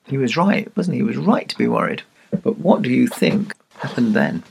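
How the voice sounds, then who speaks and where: A man speaking as Santa, telling a children's story in a playful, animated way and asking the listener questions. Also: mid-range voice, normal speed, gravelly, slight background noise.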